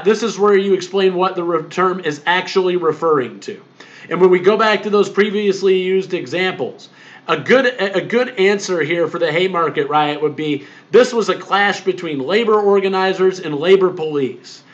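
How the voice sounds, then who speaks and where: A man's voice: high voice, a bit bright, lo-fi sound. A male history instructor giving a recorded exam review, explaining plainly and emphatically with many fillers.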